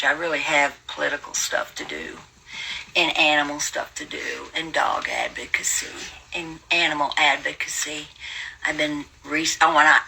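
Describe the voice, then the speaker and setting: A woman's voice: low-pitched, sharp tone, a little hiss or hum, poor audio. A woman in her seventies, hosting a livestream and ranting at her viewers in a brash, taunting, profane way. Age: 70s. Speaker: livestream host. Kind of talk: casual livestream rant.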